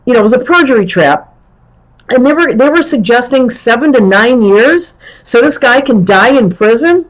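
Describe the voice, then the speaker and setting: A woman's voice: a little high, sing-song, normal speed, poor audio. A middle-aged woman hosting a live political commentary stream, ranting in an exasperated, rambling way with frequent restarts. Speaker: show host.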